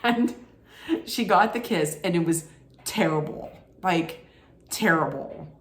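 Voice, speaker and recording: Speaking slowly in a fairly low voice, a woman vlogs a casual, sarcastic reality-show recap and laughs at her own jokes. The room sounds echoey.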